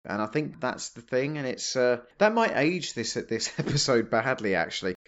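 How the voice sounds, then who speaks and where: Bright-voiced man on lo-fi audio. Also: medium pitch, big pitch swings, normal speed. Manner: chatty, laughs often. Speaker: podcast co-host. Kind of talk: casual podcast discussion. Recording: slightly dull, lo-fi audio.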